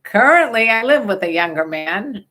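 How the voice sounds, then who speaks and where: A woman's voice: mid-range voice, sing-song, normal speed, pushed and bright. An older woman hosting a casual livestream chat, joking bawdily and reading out viewer questions. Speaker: livestream host.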